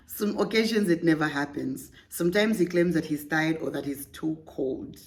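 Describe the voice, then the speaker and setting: A woman's voice: low voice, normal speed, few pauses, a little mellow. A young woman hosting a podcast, reading a listener's story aloud and breaking off with playful, laughing, teasing asides. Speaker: podcast host.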